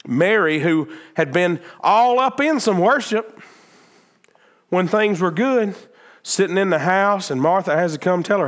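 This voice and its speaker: A male pastor delivers a lively sermon in a voice pitched a little above the usual. He acts out the words of Bible figures in quoted speech. He swings between loud, emphatic peaks and quieter stretches of low explaining. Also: unhurried.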